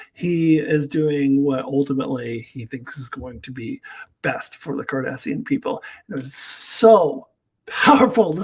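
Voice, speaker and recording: A man's voice: on the high side, husky, low-quality recording. A man giving a rambling, casual spoken review of TV episodes, with frequent fillers and laughs.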